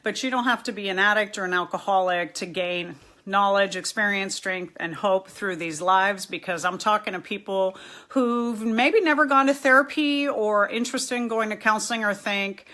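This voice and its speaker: A woman's voice: medium pitch, normal speed. A woman counselor talking to viewers on a live stream, encouraging them and answering their comments. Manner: warm encouraging, greets and reads viewer comments aloud.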